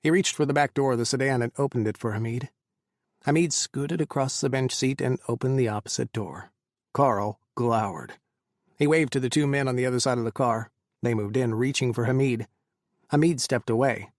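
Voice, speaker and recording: A man narrating an audiobook in a measured, tense reading. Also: mid-range voice, dry recording, studio quality. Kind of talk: scripted narration.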